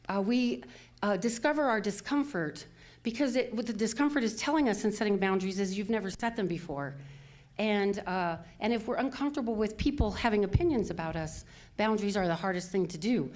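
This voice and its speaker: A woman's voice: medium pitch, a little mellow. An older woman minister giving a conversational, self-deprecating sermon, full of fillers and small laughs. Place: church sanctuary.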